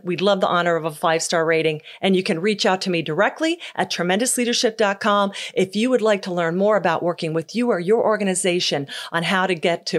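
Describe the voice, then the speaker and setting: Emphatic woman hosting a leadership podcast. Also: mid-range voice. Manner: emphatic, preachy, energetic. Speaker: podcast host. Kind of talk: motivational podcast monologue.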